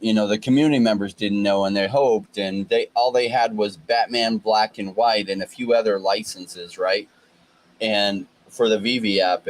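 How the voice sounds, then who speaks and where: Male livestream host, lowish voice, confident lecturing delivery, faint background hiss. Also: rough recording. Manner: confident, lecturing, talks at length. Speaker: crypto show host. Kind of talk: casual livestream commentary.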